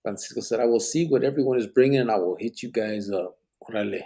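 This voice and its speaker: Male podcast host, gravelly and husky, easygoing, reads the chat, sprinkles Spanish. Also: medium pitch, quick pace, warm tone. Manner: laid-back, swears freely, mixes in Spanish words. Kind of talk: casual live podcast chat.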